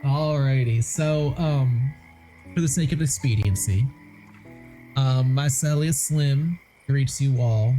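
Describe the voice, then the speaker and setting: A woman narrating a tabletop game as game master, laid-back, with frequent pauses and laughs. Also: very deep voice, mellow, faint music behind, poor audio.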